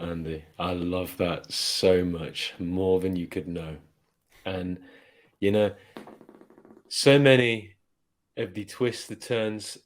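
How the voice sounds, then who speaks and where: A male interviewer speaks slowly in a very deep voice. He responds to his guest with effusive praise. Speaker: interviewer, channel host.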